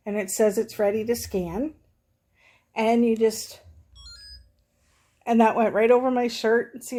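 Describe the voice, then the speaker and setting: A woman's voice: medium pitch, dark tone. Breathless middle-aged woman, rambling vlog. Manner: rambling, many fillers and restarts. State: short of breath, sighing. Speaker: vlogger reviewing a product. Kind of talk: casual chatty review.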